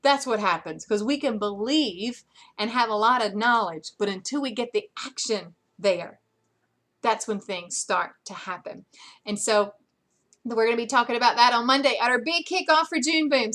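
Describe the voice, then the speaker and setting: Chatty upbeat woman, slightly high. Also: normal speed, fairly bright tone. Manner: upbeat, chatty, encouraging, lots of fillers. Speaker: sales director speaking to her team. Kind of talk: casual direct-to-camera update. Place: in bed at home.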